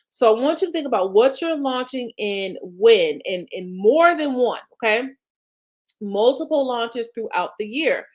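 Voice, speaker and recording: A woman's voice: a little high, expressive, moderate pace. A woman business coach, talking viewers through planning in a chatty, encouraging way. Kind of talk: live-streamed coaching talk.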